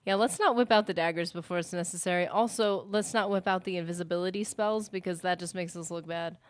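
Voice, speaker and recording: A young woman livestreaming a game, talking casually in a rambling, animated way, filling her sentences with "like". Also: fairly low pitch, quick pace, clear, resonant tone, no room sound. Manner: rambling, animated, heavy use of "like". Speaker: gaming streamer. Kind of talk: casual live-stream commentary.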